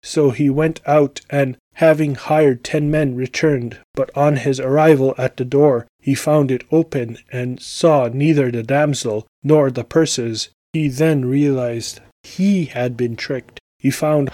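Dark-voiced male storyteller. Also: medium pitch, steady tone, measured pace, hardly any pauses, no echo. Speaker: podcast host and reader. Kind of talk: reading aloud an old tale.

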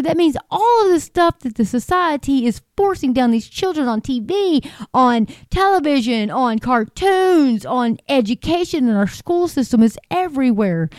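Woman, fired-up rant to camera, high-ish mellow voice, dry close sound. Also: no room sound. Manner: heated, repetitive, rhetorical questions. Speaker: commentator. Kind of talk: angry political rant to camera.

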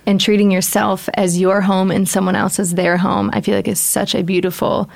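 A woman's voice: mid-range voice, normal speed, gravelly, darkish tone, no room sound. A woman hosting a casual chat, agreeing with her guest and sharing a personal anecdote.

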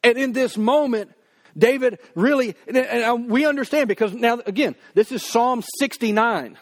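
A man with a high voice preaching a sermon in an easy, conversational way. He talks straight to the congregation and stretches his words out slowly whenever he voices a prayer. The delivery stays informal, full of restarts and asides. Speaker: pastor.

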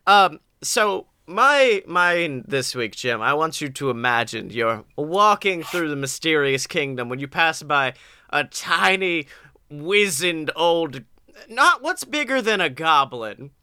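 A man co-hosting a podcast in casual, joking chat, animated and a bit profane. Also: on the high side, slow pace, clean tone, no room sound. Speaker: podcast co-host.

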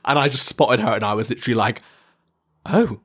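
A young English man in his twenties telling a casual story to camera, animated, laughing often and swearing freely. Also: medium pitch, racing, husky. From England. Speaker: vlogger.

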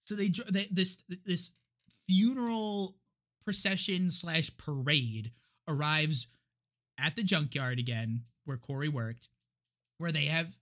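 Bright-voiced man recapping a film casually. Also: fairly high pitch, slow. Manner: rambling retelling with many restarts and laughs. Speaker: podcast co-host. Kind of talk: casual movie recap chat.

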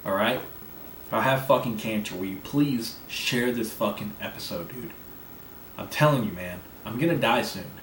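A man with a fairly low voice rambles through a casual solo podcast, brash and full of swearing. He sits some way back from the microphone in a roomy, echoing space with a faint hiss underneath. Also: lively intonation, normal speed, fairly bright tone. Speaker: podcast host. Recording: echoey room, mic at a distance, faint background noise.

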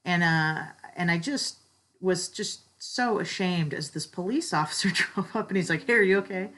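A woman with a low voice gives an earnest, heartfelt talk at a church gathering. She shares a personal story and turns it into a lesson of faith. Her tone is husky and breathy. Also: animated, a little slow, fairly bright tone, low-quality recording. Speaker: church speaker.

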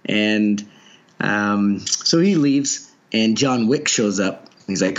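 A man's voice: fairly low pitch, a little slow, muffled recording. A man co-hosting a podcast, chatting casually, rambling with lots of fillers and laughs. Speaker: podcast co-host. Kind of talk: casual chat.

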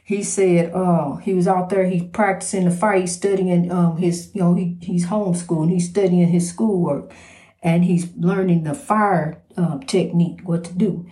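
A woman's voice: on the low side, steady tone, moderate pace, dark tone. A woman hosting an inspirational program, talking spontaneously in a preachy, repetitive way and calling the listener "honey.". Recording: roomy echo.

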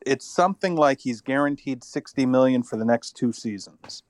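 A man's voice: medium pitch, moderate pace, a little mellow, no echo, studio quality. A man co-hosting a casual football podcast, rambling and thinking aloud, tired after an illness. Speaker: podcast co-host. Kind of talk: casual sports chat.

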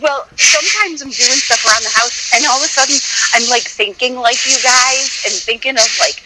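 A woman's voice: sits high, normal speed, heavy background noise. A woman from Illinois calling in to a casual chat and telling a story in a rambling, meandering way. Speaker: caller.

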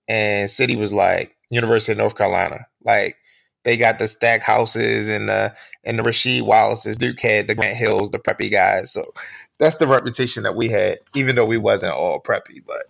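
Man, 30s, podcast co-host; gravelly, profane, animated with quoted voices. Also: lowish voice, moderate pace, dry recording. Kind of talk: casual chat.

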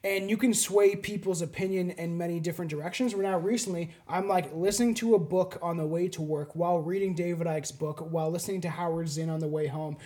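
Canadian man, high-pitched, rambling and animated, casual podcast chat. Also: fast talker, hardly any pauses.

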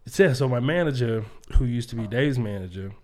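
A man telling stories in a casual podcast chat, animated and swearing, acting out the voices of the people in them. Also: mid-range voice, fairly quick. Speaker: comedian guest.

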